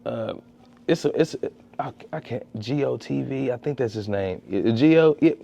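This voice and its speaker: Talking at a moderate pace in a creaky voice, the comedian tells stories during a casual podcast interview, mimicking quotes in a high voice and restarting often. He also makes street-interview content. His podcast studio mic recording has the highs cut off.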